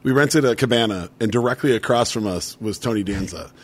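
Man, 30s, casual storytelling, swears a lot, laughs often, middle pitch. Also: brisk. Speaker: podcast co-host.

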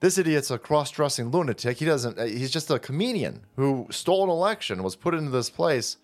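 A man's voice: medium pitch, very animated, brisk, few pauses. A man hosting a profane political rant, sarcastic and combative in manner. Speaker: political commentary host.

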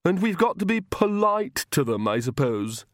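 A sneering young female vampire, put on by a man reading a storybook aloud. Her voice sits higher than his own, snide and scornful, with a haughty edge. The sound is dry and close. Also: big pitch swings, normal speed, no room sound.

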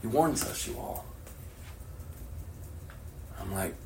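A middle-aged man preaching a sermon, dropping to hushed whispers and rising to loud, impassioned appeals. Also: deep voice, moderate pace, pauses often, slight background noise. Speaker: pastor. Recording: echoey room with faint ambience.

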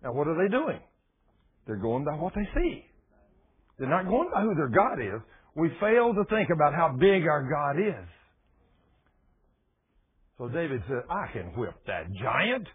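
A man preaching a sermon in a folksy, animated storytelling manner. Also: a little high, unhurried, long pauses, husky. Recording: tinny phone-like radio broadcast.

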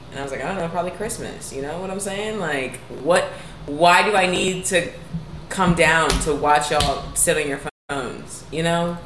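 A young woman with a low voice talks casually and candidly on a podcast, her speech full of "like" fillers. The room is echoey, with a faint hiss of noise behind her. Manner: chatty, candid, lots of "like" fillers. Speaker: podcast co-host. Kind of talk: casual chat.

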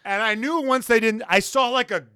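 High swoopy young american guy, podcast cohost, swears a ton, clear dry sound. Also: normal speed, no echo. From United States. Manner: excitable, swears a lot, mock-posh impressions. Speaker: podcast co-host. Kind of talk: casual profane chat.

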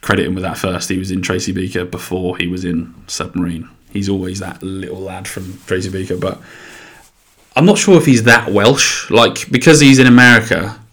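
A young man with an English accent talks casually on his own podcast, his voice sitting a little low. He rambles in a chatty, blunt way, swearing freely and restarting his sentences as he goes. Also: steady tone, moderate pace, fairly bright tone. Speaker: solo podcast host.

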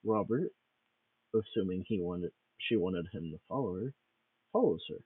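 A man's voice: sits low, expressive, moderate pace, slightly rough, dry recording, recorded from a distance. A man improvising a comic story, rambling along with restarts and fillers, on a tinny phone-like recording.

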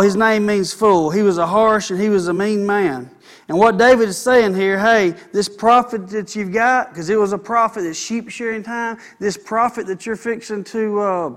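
Folksy preacher man, high voice. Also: fairly bright tone. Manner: folksy, conversational preaching with asides to the congregation. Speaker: pastor. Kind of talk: sermon.

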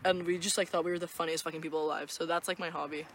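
A woman's voice: low-pitched, flat delivery, very fast, slight background noise. A young woman co-hosting a podcast, chatting casually in a rambling, profane way and giggling often. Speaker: podcast co-host. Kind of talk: casual chat.

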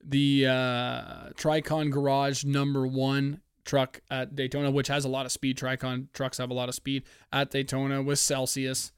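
A man from Canada hosting a podcast, chatting casually in a profane, excitable, rambling way on a headphone-wearing podcast setup. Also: mid-range voice, measured pace, few pauses, clear, resonant tone, no room sound, clean studio sound. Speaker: podcast host. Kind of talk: casual chat. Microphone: headphones, podcast mic.

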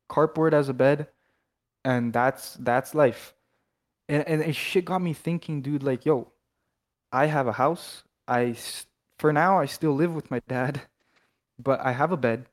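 Rambling young Canadian guy. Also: medium pitch. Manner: rambling, loose, swears a lot, many restarts. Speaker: podcast co-host. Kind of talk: casual chat.

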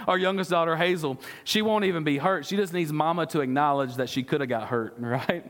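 A man preaching a sermon in a somewhat high voice, earnest and direct. He keeps asking his listeners questions and trips over repeated words now and then. His voice carries a long echo through a church hall. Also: a little fast, hardly any pauses, a bit bright. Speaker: discipleship pastor. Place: church sanctuary.

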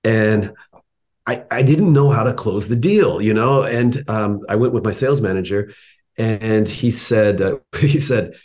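Guest, male, low-ish voice, relaxed conversational manner. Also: measured pace. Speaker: interview guest, company CEO. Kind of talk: casual conversation.

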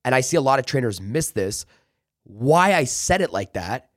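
A man's voice: medium pitch, very animated, normal speed, no echo. Guy sales trainer on a podcast, punchy coaching talk, mid voice, dry office sound. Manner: emphatic, coaching, acts out pep talks. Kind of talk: casual interview talk.

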